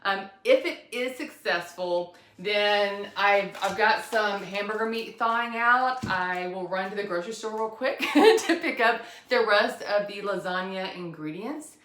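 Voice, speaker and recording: A woman's voice: medium pitch, unhurried, few pauses, fairly bright tone, roomy sound. A woman hosting a cooking vlog, chatty and upbeat, talking through her plan in a casual way. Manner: chatty, self-deprecating, upbeat. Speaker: cooking channel host.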